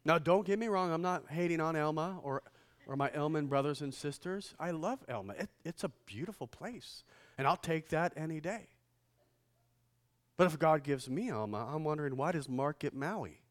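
Middle-aged pastor guy preaching, jokey stories, slightly high voice, gets big and loud on the key lines. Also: expressive, moderate pace. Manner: storytelling, joking, swells loud for emphasis. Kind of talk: sermon.

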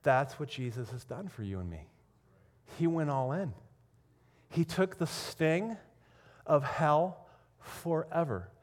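Passionate male pastor, loud to hushed. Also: on the high side, animated, slow pace, long pauses. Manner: dynamic, swings from loud intensity to hushed whispers; storytelling with emphatic repetition. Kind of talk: sermon.

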